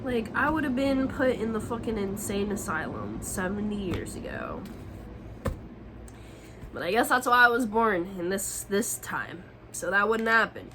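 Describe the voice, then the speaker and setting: Young woman tarot reader, bright voice, brash slangy delivery, faint room noise. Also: medium pitch, big pitch swings, measured pace, low-quality recording. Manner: profane, slangy and emphatic. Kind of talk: casual tarot reading to camera.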